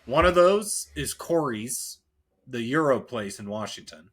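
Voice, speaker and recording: A man co-hosting a casual podcast, telling profane, animated stories and griping about bad weather. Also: mid-range voice, a little slow, breathy edge. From central Illinois. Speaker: podcast co-host.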